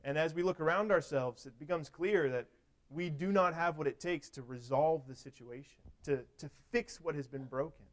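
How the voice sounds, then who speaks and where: A man with a somewhat high voice delivers a sermon in an easy, conversational way. He often restarts his sentences and leans on everyday examples to make his point. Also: normal speed. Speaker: preacher.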